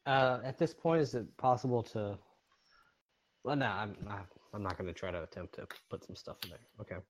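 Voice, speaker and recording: A man's voice: lowish voice, lively intonation, a little fast, a little hiss or hum. A man playing in a tabletop game, thinking aloud hesitantly. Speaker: player. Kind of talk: casual table talk.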